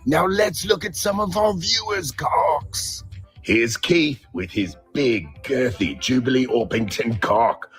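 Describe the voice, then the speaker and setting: A man playing an over-eager host of a rooster show, hammy and prone to shouting bursts. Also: animated, slow, over music. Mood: salesy. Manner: hammy, shouting bursts, wildly swooping pitch.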